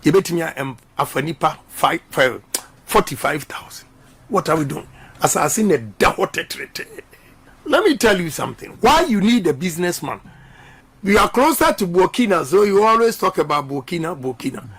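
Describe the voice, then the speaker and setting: In a high, sing-song voice that's fairly bright and slightly rough, a middle-aged politician with a Ghanaian accent speaks at a moderate pace. He's a guest in an impassioned radio interview, emphatically repeating slogans and mixing English with Twi.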